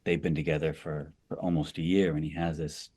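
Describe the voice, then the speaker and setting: Very deep-voiced author guest man. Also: flat delivery, a little fast, mellow, slightly rough. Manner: thoughtful, rambling with restarts and "you know". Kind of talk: podcast interview.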